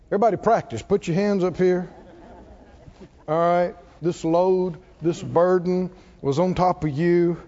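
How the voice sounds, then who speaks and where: A man preaching a sermon, calling on the congregation to answer back and building up to shouts. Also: sits high, normal speed. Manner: call-and-response, coaxing the congregation, rising to shouts. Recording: dull sound with long hall reverb.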